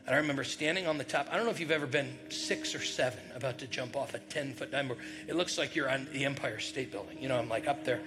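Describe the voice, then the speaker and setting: Middle-aged male pastor, mid-pitched, conversational sermon with acted-out voices, music bed behind. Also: quick pace, hardly any pauses. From northern New York. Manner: conversational, acts out quoted voices, rising to loud bursts. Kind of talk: sermon with personal storytelling.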